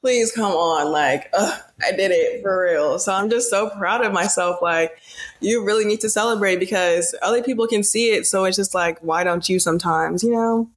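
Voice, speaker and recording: A woman's voice: medium pitch, normal speed. Young woman, early twenties, earnest and emotional, casual chatty delivery. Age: young adult. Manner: emotional, earnest, many "like" fillers. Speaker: podcast guest, daughter. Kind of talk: casual family podcast chat.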